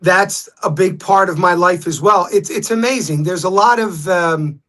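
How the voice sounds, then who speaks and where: A man, a guest telling stories in a casual interview, animated when quoting others. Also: high-pitched, moderate pace.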